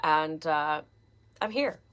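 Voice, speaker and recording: Bubbly woman hosting a livestream, lively swoopy voice, greets folks by name. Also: deep voice, slow, smooth. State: slightly out of breath. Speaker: livestream host. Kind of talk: casual live-stream chat.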